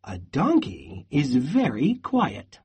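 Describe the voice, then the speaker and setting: A reader voicing an anxious pig planning a trip, in a slow, deliberate storybook read-aloud. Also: medium pitch, huge pitch swings, darkish tone, breathy edge, pitched below the performer's own voice, exaggerated voice. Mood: eager.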